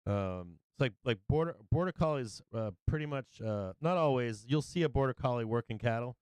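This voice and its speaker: A man's voice: mid-range voice, expressive, a little fast, darkish tone, clean tone, dry recording. A man hosting a livestream, telling rambling stories in casual chat, swearing and laughing often. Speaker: livestream host.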